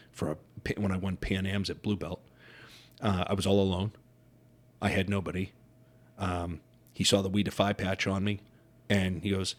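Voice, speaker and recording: Middle-aged deaf man guest, very low voice, earnest storyteller who acts out the dialogue he quotes. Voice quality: deaf speaker who wears hearing aids. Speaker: podcast guest. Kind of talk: casual interview chat.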